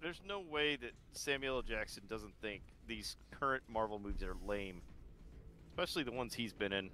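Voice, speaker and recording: A man chatting in an animated way and laughing easily during a co-op game. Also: fairly low pitch, normal speed, a little hiss or hum. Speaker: co-op gamer. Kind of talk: casual gaming chat.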